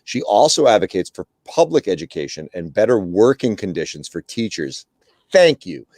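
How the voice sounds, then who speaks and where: A man, a school principal co-hosting a live-streamed talk show, introducing a guest in a friendly, energetic way. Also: low-pitched, normal speed, no echo. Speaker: middle school principal, co-host.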